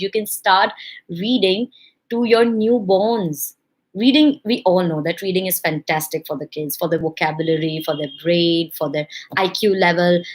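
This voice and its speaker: A young woman talks parents through early learning in a casual, animated way. She acts out their voices as she goes, with a lively, friendly delivery. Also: medium pitch. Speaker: parenting educator. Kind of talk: casual instructional talk to parents.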